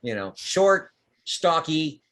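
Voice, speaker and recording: A man's voice: a little high, big pitch swings, slow pace, fairly bright tone. A man narrating as game master of a tabletop game in a casual, rambling way.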